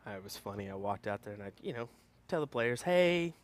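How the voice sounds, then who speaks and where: A man's voice: lowish voice, quick pace. A man co-commentating live darts, laid-back, telling stories and poking fun at himself. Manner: laid-back, tells anecdotes, self-deprecating.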